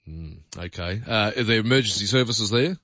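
A man's voice: fairly low pitch, normal speed, pushed and bright, no echo. An Australian man hosting a talkback radio show, chatting in a conversational, opinionated way with many fillers. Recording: dull lo-fi radio broadcast.

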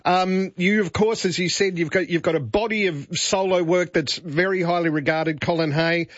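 A man's voice: high-pitched, steady tone, normal speed, dry recording, dull audio. Upbeat male radio interviewer, dry studio. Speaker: radio host.

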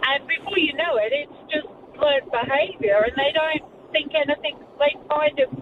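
A woman's voice: high-pitched, normal speed, recorded from a distance. A woman calling a radio show, a nanny from Australia, talking in an indignant, chatty way with lots of "like". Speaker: caller, nanny. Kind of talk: phone-in chat. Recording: tinny phone line with noise.

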